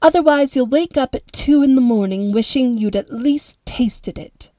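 A woman voicing a no-nonsense housekeeper who talks in a clipped, brisk way. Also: sits high, dark tone, no echo, voice pushed up, lightly acted.

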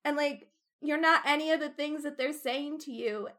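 A young woman co-hosting a casual book discussion podcast, animated and full of "like", raising her voice when upset. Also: high voice, normal speed. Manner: animated, frequent "like", gets loud when upset.

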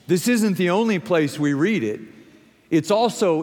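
Slow-preaching pastor in a big reverberant hall. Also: male voice, high-pitched, expressive, darkish tone. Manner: storytelling, slow and deliberate with emphatic rises. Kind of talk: sermon. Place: large church sanctuary. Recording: long reverb of a large sanctuary.

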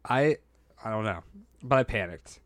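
A man's voice: fairly low pitch, animated, moderate pace, no echo, clean studio sound. A man casually telling a story on a podcast, acting out quotes and laughing often, a bit nasal from a hurt nose.

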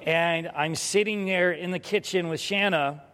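A man preaching a sermon as pastor, telling a parenting story and acting out the scenes with lively energy. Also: sits high, unhurried. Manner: animated storytelling, acts out scenes. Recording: hall reverb.

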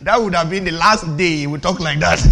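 A man preacher delivering a fervent sermon, asking the audience questions and building to shouted declarations. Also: high voice, moderate pace, a little hiss or hum. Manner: teasing, asks the audience questions.

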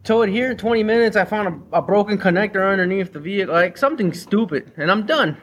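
Blunt, slangy man with a higher voice. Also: moderate pace, a little hiss or hum. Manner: blunt, slangy, acts out conversations. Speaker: mobile mechanic and former shop owner. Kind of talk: casual podcast chat.

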